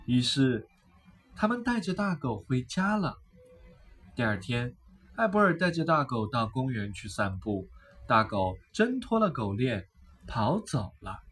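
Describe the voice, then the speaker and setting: A woman reading a children's picture book aloud in a slow, expressive, deliberate way. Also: extremely low pitch. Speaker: storyteller.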